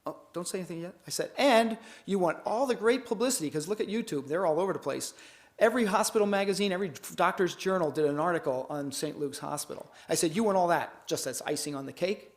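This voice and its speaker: A man's voice: high-pitched, quick pace. A man giving a conference keynote in a folksy, storytelling way, acting out the dialogue of the people in his stories. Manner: folksy, animated, acts out dialogue. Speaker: keynote speaker.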